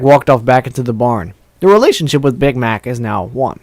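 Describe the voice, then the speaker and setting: A young man reads a text adventure aloud, tripping over words and poking fun at his own slip-ups. His voice sits at an ordinary male pitch, and the close mic gives a dry, deadened sound. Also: expressive, brisk, few pauses, darkish tone, no room sound. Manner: stumbling, self-deprecating. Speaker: let's play host. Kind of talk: reading aloud a text game.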